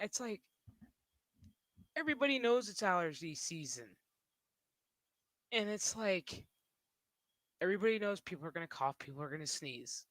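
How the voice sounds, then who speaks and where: A man's voice: high-pitched, very animated, normal speed, pauses often, fairly bright tone, dry recording. A man streaming who talks in a rambling, casual way, swearing and laughing often. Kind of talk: casual livestream chat.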